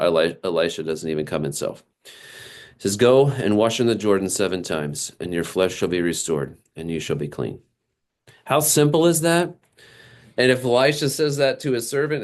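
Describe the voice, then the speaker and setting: A man preaching a sermon, animated and acting out the people he quotes, with frequent small laughs. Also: low-pitched. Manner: animated, acts out quoted characters, laughs often. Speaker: pastor.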